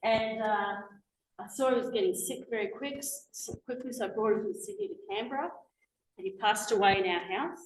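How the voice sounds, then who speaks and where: Woman, middle-aged, guest speaker, reflective storytelling, slightly high voice, roomy hall sound. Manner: reflective, unhurried, with small restarts. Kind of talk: personal storytelling in a public talk. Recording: echoey room with faint noise.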